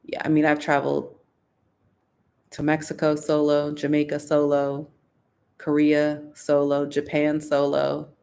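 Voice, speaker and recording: Chatty woman with a gravelly low voice. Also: completely flat delivery, a little slow, dark tone. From United States. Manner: chatty, reads viewer comments aloud and answers them. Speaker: host of a live Q&A stream. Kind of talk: casual live-stream Q&A.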